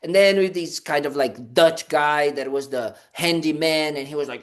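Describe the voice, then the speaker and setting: A man's voice: fairly high pitch, normal speed, hardly any pauses. A man, a Buddhist monk, giving a casual dharma talk, conversational and playful, with many fillers and restarts. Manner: conversational, full of "you know" fillers and restarts; playful, acts out little scenes with "da, da, da".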